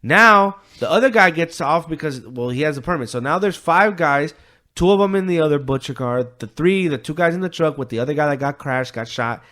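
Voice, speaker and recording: A man's voice: fairly high pitch, lively intonation, a little fast, sharp tone. A man co-hosting a podcast, retelling a story in a loose, profane, rambling way, full of filler words and quoted voices. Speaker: podcast co-host. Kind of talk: casual chat, retelling a story.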